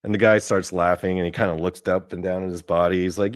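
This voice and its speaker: Young male host, low-pitched, loose rambling storyteller who swears and fills every pause with "like". Dry and close. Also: steady tone, no echo. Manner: rambling, full of "like" fillers and cursing. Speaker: podcast host. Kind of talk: casual storytelling.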